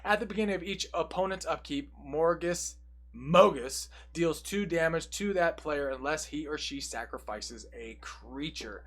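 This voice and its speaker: A young man casually walking through a card game deck, reading each card's text aloud and adding quick, jokey asides. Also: on the high side. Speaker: deck tech presenter.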